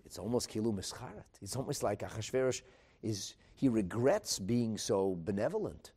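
A man teaching a Talmud class, animated and emphatic, asking rhetorical questions and mixing in Hebrew terms. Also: on the low side, moderate pace, husky. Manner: mixes in Hebrew and Aramaic terms.

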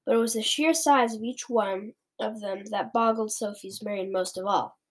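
A woman narrating a children's book aloud with expressive storytelling. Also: mid-range voice, moderate pace.

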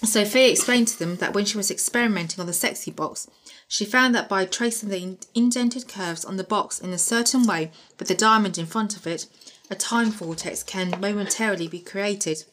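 A woman's voice: medium pitch, normal speed, a bit bright. A woman reading her own story chapter aloud to friends, stumbling over words and laughing at her writing.

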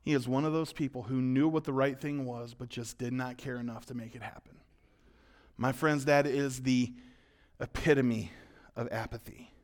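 A male pastor preaching a sermon, animated, acting out voices and swinging between loud and quiet. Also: mid-range voice.

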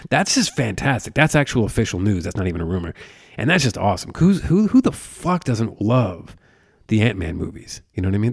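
Gravelly, profane rambling podcast host man. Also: on the low side, dry recording, clean studio sound. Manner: profane, tangent-prone storytelling. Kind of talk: casual rambling chat. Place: home. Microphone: podcast mic.

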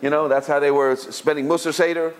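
Slightly high-voiced man teaching informally. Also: steady tone. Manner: halting, repeats words while searching for phrasing; storytelling, jumps higher when quoting others. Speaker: Torah teacher. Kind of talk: informal religious lecture with stories.

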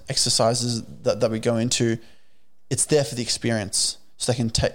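A young man, a guest motivational speaker, talking earnestly in a casual interview and often restarting his sentences. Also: medium pitch.

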